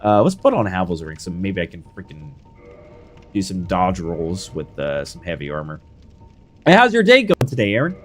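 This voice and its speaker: A man's voice: low-pitched, moderate pace, faint music behind. A young man streaming a game live, hyping up his fights and chatting casually with viewers. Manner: excitable, hyped shouts while fighting.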